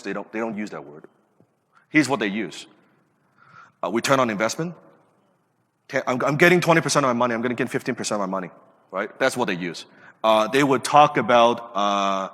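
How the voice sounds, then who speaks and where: A man in his late thirties hosts a podcast, delivering an emphatic motivational talk full of rhetorical questions. His voice is bright and forward. It rings out in a long, reverberant room. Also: medium pitch, normal speed, pauses often. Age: late 30s. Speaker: podcast host.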